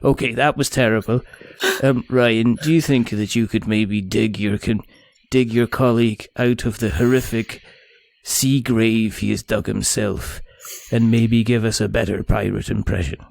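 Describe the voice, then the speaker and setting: Teasing low-voiced man hosting. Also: steady tone, measured pace, vocal fry, a little mellow, dry recording. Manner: teasing, rambling, laughs often. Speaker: podcast host. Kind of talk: jokey podcast interview.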